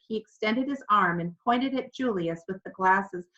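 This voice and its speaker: A woman reads a children's storybook aloud with clear, expressive storytelling. Her voice sits at a middle pitch, and the recording sounds slightly dull and lo-fi. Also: a little slow, few pauses. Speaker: audiobook narrator.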